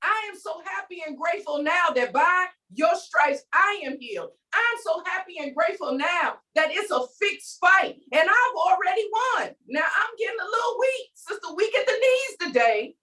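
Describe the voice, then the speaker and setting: A woman's voice: extremely high pitch, animated, normal speed, few pauses, bright, forceful tone, far from the mic, rough recording. A woman giving an emphatic, preachy faith talk, calling out to her listeners as she vents. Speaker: faith vlogger. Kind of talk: inspirational rant.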